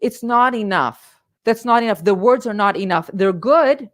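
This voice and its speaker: A woman's voice: a little high, normal speed. A middle-aged woman on a live stream, giving a passionate motivational talk as a coach, emphatic and full of repeats. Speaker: life coach and livestream host.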